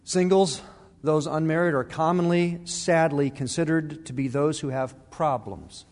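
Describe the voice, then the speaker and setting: A middle-aged pastor preaches in a lightly higher voice, his words ringing out with a long echo around the sanctuary. He keeps it earnest and conversational and often restarts his phrases. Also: measured pace, a little mellow. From Arizona. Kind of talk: sermon.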